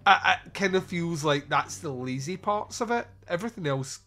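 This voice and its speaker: A man's voice: on the high side, lively intonation, normal speed, sharp tone. A man hosting a podcast, chatting casually and animatedly about a film, swearing and laughing often. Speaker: podcast host. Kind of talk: casual film review chat.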